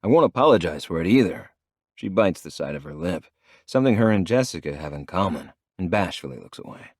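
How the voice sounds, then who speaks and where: A man narrates a romance audiobook in the first person, in a very deep voice. His delivery is low, measured and intimate. The sound is dry and close, with no room around it. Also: big pitch swings, no echo.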